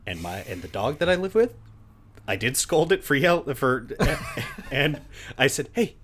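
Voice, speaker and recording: A man's voice: medium pitch, measured pace. A man hosting a casual podcast guessing game, teasing and laughing as he tells stories. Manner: animated, teasing, laughs while telling stories. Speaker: host.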